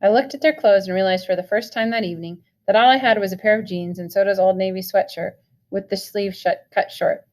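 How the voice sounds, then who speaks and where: Woman, audiobook reading, steady, expressive. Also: mid-range voice, a little fast. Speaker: reader. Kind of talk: reading a novel aloud.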